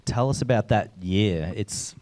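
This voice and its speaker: A man's voice: lowish voice, a little slow, darkish tone. A man hosting an interview, asking questions and trading self-mocking jokes with his guest. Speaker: host. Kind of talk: conversational interview.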